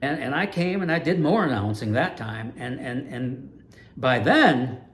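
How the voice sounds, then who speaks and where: A man in his sixties from Ohio, an animated storyteller recalling his years as a race announcer. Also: mid-range voice, a little slow. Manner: animated, lively storyteller with big swings in loudness. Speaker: retired dirt track race announcer, channel host.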